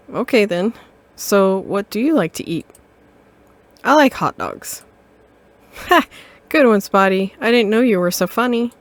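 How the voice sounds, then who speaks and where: A woman streamer playing a video game casually, reading its dialogue aloud and giggling along. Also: mid-range voice. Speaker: VTuber streamer. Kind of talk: casual game let's play.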